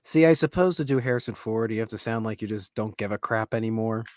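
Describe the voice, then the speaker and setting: A man's voice: on the low side, quick pace, dry recording, clean studio sound. A man in a casual online group chat, telling a story in an amused way.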